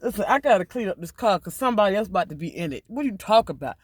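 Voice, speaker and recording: A man's voice: sits high, animated, rapid-fire, dry recording, clean studio sound. A man voicing a sassy dumped partner who brushes off an ex. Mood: sassy dismissive. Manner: dismissive, sassy.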